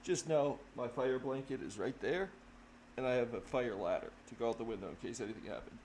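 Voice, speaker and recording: A man rambles to his stream audience in a casual, profane way, swearing freely and getting animated as he makes his point. His voice sits in a middle pitch, and the room rings with echo under a clear layer of background noise. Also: fairly quick. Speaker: livestreaming drummer. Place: home room.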